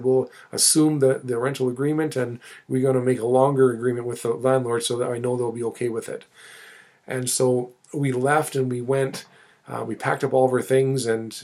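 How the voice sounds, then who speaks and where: A middle-aged man earnestly telling his personal faith testimony, halting often and restarting his phrases. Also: mid-range voice, darkish tone.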